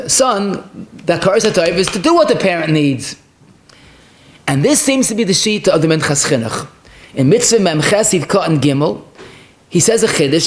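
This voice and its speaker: A man, a rabbi, giving an emphatic Talmudic lecture, firing off rhetorical questions and dense Hebrew and Aramaic legal terms. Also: sits high. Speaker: rabbi teaching a Torah class. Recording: roomy echo.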